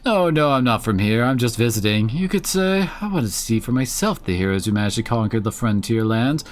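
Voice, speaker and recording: A man's voice: medium pitch, expressive, fairly quick, natural voice. Man reading as a polite young noble heir. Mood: friendly. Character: polite ambitious teenage noble heir, male.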